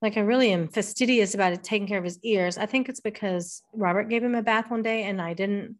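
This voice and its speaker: A woman's voice: medium pitch, quick pace. A middle-aged woman, chatting on a podcast, telling stories with frequent laughs and casual swearing. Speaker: podcast co-host. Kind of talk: casual chat.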